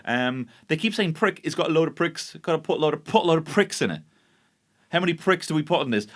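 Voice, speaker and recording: Speaking quickly and with plenty of animation, an Irish podcast host uses a fairly high-pitched voice to recap a baking show. His studio monologue is sarcastic, peppered with swearing, and full of feigned outrage.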